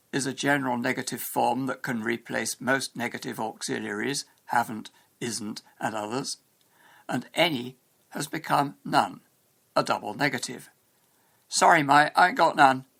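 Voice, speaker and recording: A man narrates a scripted lesson in a steady, explanatory manner. His voice sits at an ordinary middle pitch with a gravelly edge. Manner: measured, explanatory. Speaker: English teacher.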